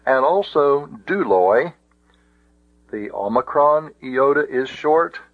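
A man's voice: medium pitch, animated, takes it slowly, dry recording. A man teaching Greek grammar, methodically and carefully spelling out each example. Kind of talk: explaining grammar rules. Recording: tinny phone-like audio.

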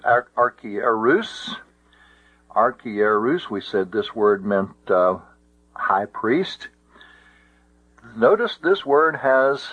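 Slow, methodical male Greek teacher. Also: lowish voice, no echo. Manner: slow, methodical, spells out syllables. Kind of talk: lecture. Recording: dull dry lo-fi recording.

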